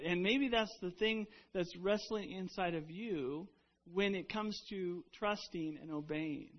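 A pastor with a notably high voice delivers an earnest sermon at a slightly slow pace, frequently restarting phrases as he works through a point. The recording sounds dull and lo-fi.

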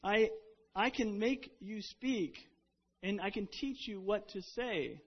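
A man's voice: high voice, slow pace, breathy edge, pitched above the performer's own voice, exaggerated voice. A man voicing a commanding, emphatic deity. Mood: firm. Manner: emphatic rhetorical questions. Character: commanding male deity, firm and rhetorical. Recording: dull lo-fi recording.

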